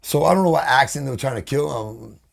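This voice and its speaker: Gravelly New York man telling stories. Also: mid-range voice, fast. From Brooklyn, New York. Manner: animated, swearing, acts out quotes. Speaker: guest vocalist. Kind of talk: casual storytelling interview.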